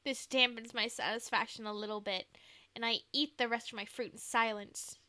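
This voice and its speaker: Bright high-voiced woman streamer. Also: fairly even intonation, normal speed. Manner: playful, laughs easily. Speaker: streamer reading a visual novel. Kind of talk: reading aloud and chatting while playing.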